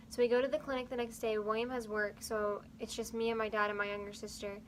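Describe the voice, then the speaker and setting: A woman's voice: on the high side, little pitch movement, fast talker, a bit bright, a little hiss or hum, low-quality recording. A young woman vlogger earnestly telling a personal story, rambling along with fillers.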